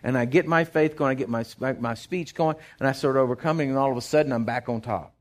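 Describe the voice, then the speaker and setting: A middle-aged man, preaching a sermon in a folksy, animated way with lots of restarts. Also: mid-range voice, quick pace. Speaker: pastor.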